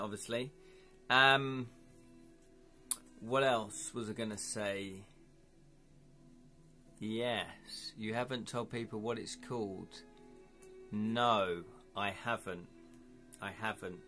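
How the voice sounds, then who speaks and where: A man's voice: mid-range voice, pushed and bright. A man hosting a casual live stream, chatting with viewers, laughing often and reading their comments aloud. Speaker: livestream host.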